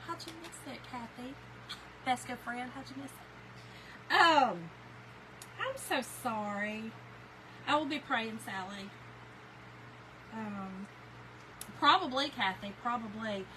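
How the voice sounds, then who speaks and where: Southern woman host, middle-aged, chatty and folksy, high bright voice, faint room hum. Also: expressive, slow, pauses often, poor audio. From Kentucky. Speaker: crafting livestream host. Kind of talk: casual chat reading live comments.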